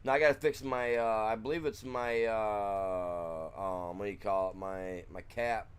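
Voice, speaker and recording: A man's voice: lowish voice, steady tone, moderate pace, clean tone. A man streaming a game from his room at home, chatting casually and rambling, trailing off and restarting, with chuckles. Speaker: gaming streamer. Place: room at home with blacked-out windows.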